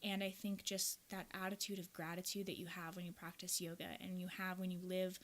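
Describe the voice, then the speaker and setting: A woman's voice: on the low side, little pitch movement, a little fast, fairly bright tone. A young woman from the American Midwest, a yoga teacher hosting a podcast, telling a personal story in a candid, earnest, reflective way.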